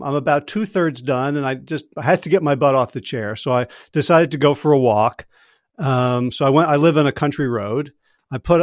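An executive coach, appearing as a podcast guest, chats in a casual, reflective way, chuckling often as he tells loose stories. His voice sits in the mid range, and the sound is clean studio quality with no room sound.

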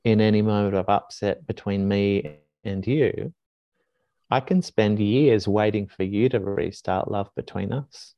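A man's voice: on the low side, unhurried, no echo. A man in his forties, a heart coach, explaining ideas in an earnest, reflective way with frequent restarts. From Australia. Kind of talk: reflective conversational teaching. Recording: dull, dry podcast recording.

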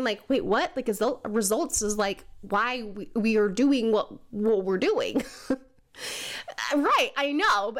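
Leadership coach, woman, casual talk, fairly high voice, laughs a lot, puts on goofy voices now and then. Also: a bit bright. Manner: chatty, laughs often, puts on silly voices for people she mocks; says "okay?" and "right?" a lot.

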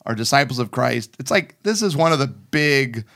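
A man hosting a casual talk show, excitable and rambling as he explains things. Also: mid-range voice, moderate pace. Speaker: podcast host. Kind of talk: casual chat.

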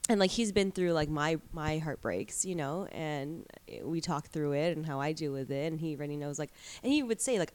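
Low, a little mellow, and animated, this woman talks at normal speed with hardly any pauses. She's in her thirties, a guest in a casual conversation, telling stories loaded with likes and you-knows.

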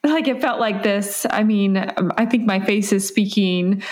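A woman's voice: mid-range voice, unhurried. Woman podcast host, supportive listener, thoughtful casual talker. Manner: warmly affirming, reflective listener.

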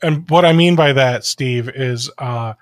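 A man's voice: mid-range voice, a little slow, background noise. A man from Ohio hosting a podcast, chatting casually and joking with lots of laughter. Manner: jokey, animated, laughs often. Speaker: podcast host. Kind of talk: casual chat.

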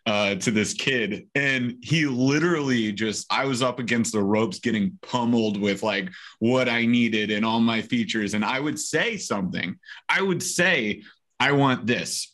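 A young adult man casually telling a story on a sales podcast, animated and acting out the voices of the people in it. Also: mid-range voice, moderate pace. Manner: animated, acts out quoted voices. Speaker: podcast co-host, sales trainer.

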